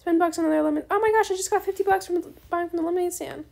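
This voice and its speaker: A young woman chatting bubbly and fast while playing a game, often saying bestie. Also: extremely high pitch, steady tone, vocal fry, a little mellow. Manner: bubbly, fast-talking, says bestie a lot. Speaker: gaming YouTuber. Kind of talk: casual gameplay commentary.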